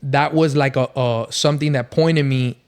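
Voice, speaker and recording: A man's voice: medium pitch, steady tone, normal speed, darkish tone, clean tone. A man speaking as a podcast guest, telling his faith story in a loose, rambling way, full of fillers. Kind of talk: casual testimony storytelling.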